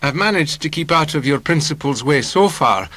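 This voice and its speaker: A man voicing a brisk, wry middle-aged gentleman with a Lowland Scottish accent. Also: expressive, no echo.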